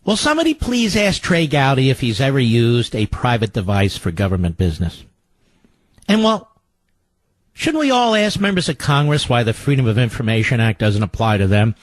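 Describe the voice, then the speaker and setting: Sarcastic, animated talk radio man. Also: mid-range voice, dry recording. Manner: sarcastic, mocking, heated. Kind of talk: political talk radio monologue.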